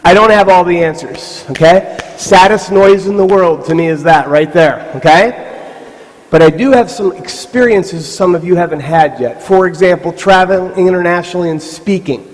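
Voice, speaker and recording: A man giving a live motivational talk to a youth camp, telling stories with animated voiced asides. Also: sits high, normal speed. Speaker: motivational speaker. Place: large hall with live audience. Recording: stage mic in a reverberant hall.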